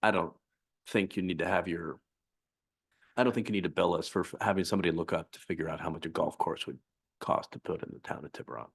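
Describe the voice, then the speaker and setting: A commissioner at a public meeting giving blunt feedback, with a dry, sarcastic streak. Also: male voice, sits low, fast talker, creaky, husky.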